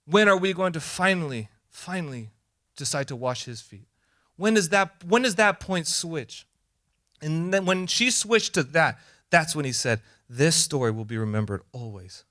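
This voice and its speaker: A man pastor preaching a sermon, animated and emphatic, sometimes acting out quoted voices. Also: on the high side, a little slow.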